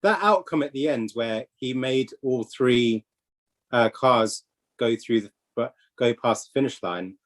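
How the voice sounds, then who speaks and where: A man's voice: mid-range voice, fairly bright tone. A man chats about a film on a podcast, often asking questions. He hesitates and restarts his sentences. His voice sits in the middle range. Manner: questioning, tentative, halting. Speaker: podcast co-host. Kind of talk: casual film chat.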